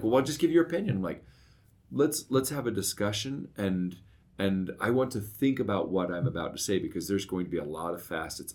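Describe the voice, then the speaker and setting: Deep-voiced man telling stories. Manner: storytelling, animated when recounting, often asks "right?". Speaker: podcast co-host. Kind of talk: casual conversation.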